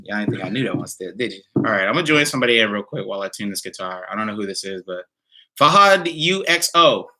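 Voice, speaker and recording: A man's voice: lowish voice, expressive, fast, over music. A man chatting casually on a home livestream, laid-back and slangy, reading out viewer comments. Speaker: musician streaming a live Q&A. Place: home, in Nashville.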